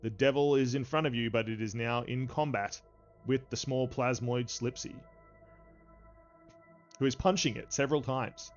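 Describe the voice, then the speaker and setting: A man running a tabletop game as game master, narrating in a relaxed way with frequent filler sounds. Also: medium pitch, normal speed, pauses often, highs cut off, faint music behind.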